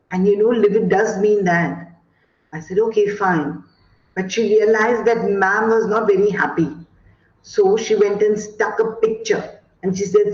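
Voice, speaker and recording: Slow-talking Indian woman teacher trainer. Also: mid-range voice, darkish tone. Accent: Indian English. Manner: slow, storytelling, many fillers. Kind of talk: online teacher training talk. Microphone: video call. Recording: echoey dull video call audio.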